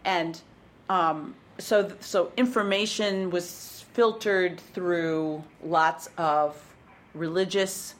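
A woman in her sixties from Wisconsin with a light Midwestern accent, talking as a guest in a casual interview, reflective and pausing with fillers. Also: lowish voice, steady tone. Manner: reflective, frequent fillers and restarts.

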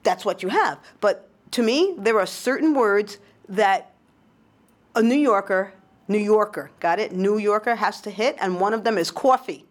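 A woman's voice: mid-range voice, expressive, moderate pace, hardly any pauses. A woman hosting an interview, chatty and eager as she asks her guest questions. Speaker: interview host. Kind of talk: casual interview chat.

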